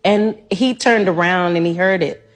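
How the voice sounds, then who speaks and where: Woman guest, husky, emotional storyteller. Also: on the low side, a little slow, faint music behind. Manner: emotional, acting out quoted lines. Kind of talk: personal storytelling in an interview clip.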